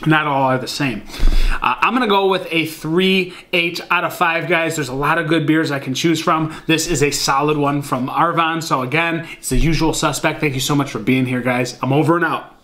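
A man's voice: on the high side, moderate pace, sharp tone. A man casually reviewing a beer at home, talking to viewers with lots of fillers and a rambling manner. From Michigan. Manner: rambling, many fillers, addresses viewers as guys.

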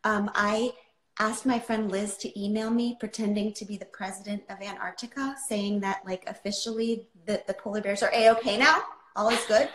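A woman's voice: mid-range voice, fairly even intonation, normal speed, fairly bright tone, a little hiss or hum. Impassioned woman author in an echoey room. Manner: impassioned, keeps asking "right?". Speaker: author guest. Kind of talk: livestream conversation, personal storytelling.

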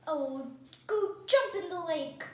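A gruff, short-tempered man on a camping trip, worn out by his helper, as a woman reads him from a storybook. The voice sits fairly high and sounds roomy, with some distance from the mic. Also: sing-song, normal speed, a bit bright. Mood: exasperated. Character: exasperated grown man, camping host.

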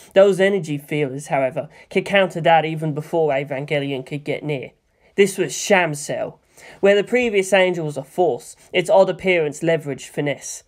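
A man narrating a fan fiction story in a steady, measured reading. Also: on the high side. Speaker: fanfiction reader. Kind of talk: scripted narration.

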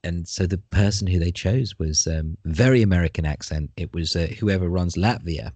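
A man's voice: low voice, moderate pace, darkish tone, slightly rough, dry recording. A man in casual conversation, talking in a rambling, discursive way with the odd swear word.

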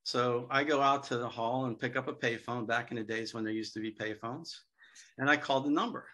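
Middle-aged male speaker, ringing forceful tone, animated anecdotal seminar delivery. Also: medium pitch, brisk. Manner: lively storyteller, acts out quoted dialogue. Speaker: guest speaker on hospital sales.

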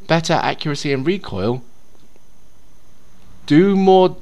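A man's voice: fairly high pitch, big pitch swings, moderate pace, pauses often. A young man giving casual, sweary commentary as he plays a survival game, talking to himself and the game. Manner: drops to a whisper while sneaking; shrieks and yells in panic during chases. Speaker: gaming YouTuber. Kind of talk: casual let's-play commentary.

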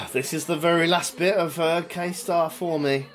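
A man's voice: a little high, steady tone, unhurried, some chatter behind. A young man casually commentating over footage of his old wrestling matches. He chats loosely, swears freely, laughs and drifts into asides. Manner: chatty, profane, laughs and trails off into asides.

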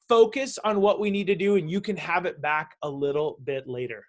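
A middle-aged man hosting an interview, telling a story in a lively way and acting out the voices he quotes. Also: high-pitched, a little fast, hardly any pauses. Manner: animated, acts out quoted voices. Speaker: show host.

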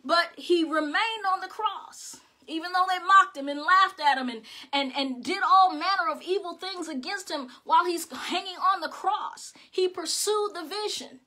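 High bright-voiced woman preaching. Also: normal speed, hardly any pauses. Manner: impassioned preaching, repeats words when stirred; rhythmic repeated exhortations. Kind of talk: sermon.

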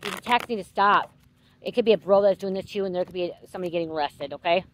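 A woman's voice: mid-range voice, very fast, a little hiss or hum, low-quality recording. A woman giving a psychic reading straight to her viewers, emphatic and repetitive, swearing freely and getting worked up as she goes. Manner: gets worked up and heated. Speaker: psychic card reader.

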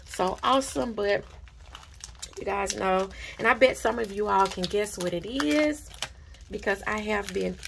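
A woman vlogging casually at her desk about budgeting supplies and mail she received, gushing and repeating herself when excited. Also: mid-range voice, gravelly, slight background noise. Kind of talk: casual unboxing vlog. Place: home desk.

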